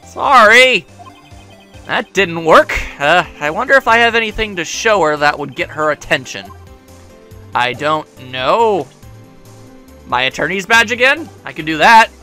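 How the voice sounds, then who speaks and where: A man's voice: a little high, animated, normal speed, bright, forceful tone, faint music behind. A man giving casual, joking, rambling gameplay commentary as a let's play host. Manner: joking, rambling, laughs often.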